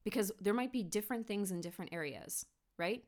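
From her home office, a woman hosts a solo motivational podcast, speaking earnestly and encouragingly and posing many rhetorical questions. Her voice is mid-range, a little mellow, and slightly fast.

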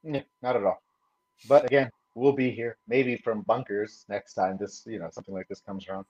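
A man co-hosting a political podcast, who talks in a measured way with frequent fillers. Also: lowish voice, steady tone, a little mellow, breathy edge. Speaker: podcast co-host. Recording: dull lo-fi sound.

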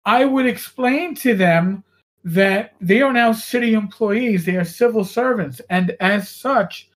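A man who is a former police officer, co-hosting a podcast and telling stories in an animated, freely swearing way. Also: high-pitched, a little slow. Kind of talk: casual chat, storytelling.

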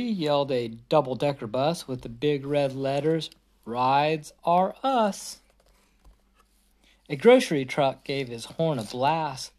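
A young woman reading a picture book aloud at home, animated and sing-song. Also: a bass voice, slow pace.

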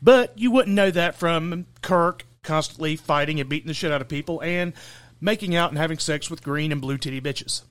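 A man's voice: a little high, moderate pace, fairly bright tone, no echo. A man co-hosting a podcast in casual chat, running through a list of topics and joking as he goes. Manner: joking, laughs often, lists topics. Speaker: podcast co-host.

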